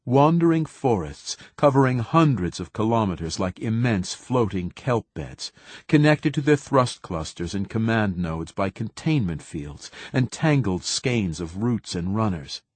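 Male narrator, low husky voice, dry booth sound, steady novel reading. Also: unhurried, no echo. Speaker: audiobook narrator. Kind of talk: scripted narration.

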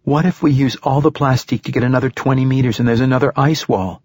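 A man reading aloud voices a young girl who speaks flatly and questions everything. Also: medium pitch, quick pace, slightly rough, dry recording, studio quality, voice pushed up, close to an everyday voice. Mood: questioning. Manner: flat, skeptical questioning. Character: young girl, doubting and blunt.

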